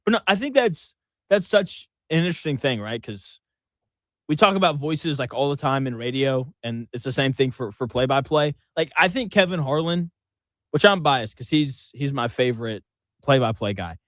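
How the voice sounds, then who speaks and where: A man hosting a sports radio show in casual, joking banter, laughing often and tossing in quick asides. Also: medium pitch, animated, a bit bright, no echo. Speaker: radio sports talk host.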